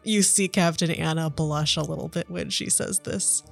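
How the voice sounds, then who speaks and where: A woman running a tabletop role-playing game as game master, narrating in a relaxed, chatty way with giggles. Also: low voice, moderate pace, gravelly, hardly any pauses, over music.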